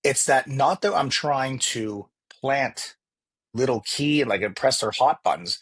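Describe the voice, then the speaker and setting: A man's voice: mid-range voice, animated, a little slow, fairly bright tone, husky. A man talking earnestly as a podcast guest, often restarting and repeating words. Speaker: real estate agent, podcast guest. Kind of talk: casual interview chat.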